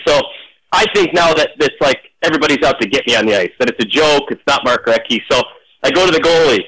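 A man, a former referee, telling stories casually in an interview, animated and full of restarts. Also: on the high side, fast talker, breathy edge, poor audio. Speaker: hockey officiating manager, former referee.

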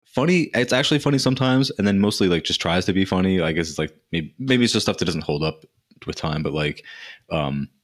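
A man's voice: low-pitched, expressive, fairly quick. A man on a podcast chatting casually about a film, recalling scenes and quoting favorite lines. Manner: chatty, quotes lines with amused laughter. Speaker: podcast guest. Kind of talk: casual movie discussion.

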